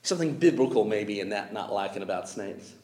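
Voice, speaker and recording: A male preacher giving a sermon in an animated way, chuckling often and pausing with emphasis. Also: fairly low pitch, roomy sound.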